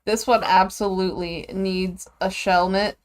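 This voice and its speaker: A woman's voice: medium pitch, fairly even intonation, measured pace, clear, resonant tone. Giggly young woman rambling while drawing. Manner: giggly, rambling, trails off quietly. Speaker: streamer drawing goose characters. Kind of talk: casual chat while drawing.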